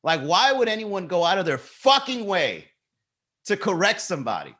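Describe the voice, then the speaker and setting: A man hosting a comedy podcast, telling a story in a casual, animated rant, swearing freely and joking with the live chat. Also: high voice, moderate pace. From Miami. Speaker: podcast host.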